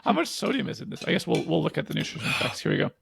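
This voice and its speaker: A man's voice: fairly high pitch, sing-song, racing, creaky, a bit bright, slight background noise. A man co-hosting a podcast in casual chat, joking and laughing often into a close mic. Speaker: podcast co-host.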